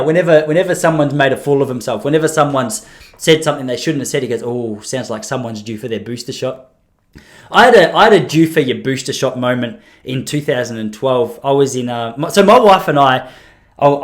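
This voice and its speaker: A man in his thirties hosting a podcast, rambling through stories with self-deprecating jokes. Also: medium pitch. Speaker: podcast host. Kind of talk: casual comedic solo podcast monologue.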